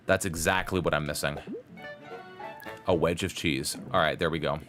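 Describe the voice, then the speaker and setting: A man's voice: deep voice, moderate pace, long pauses, music in the background. A man giving chatty live-stream commentary on a game, rambling and slipping in puns.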